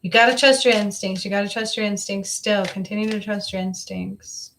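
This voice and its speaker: A woman's voice: mid-range voice, fairly even intonation, moderate pace, fairly bright tone, a little hiss or hum. A woman giving a live psychic reading to a viewer, talking in a coaxing, repetitive way and circling back over the same phrases. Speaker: psychic reader.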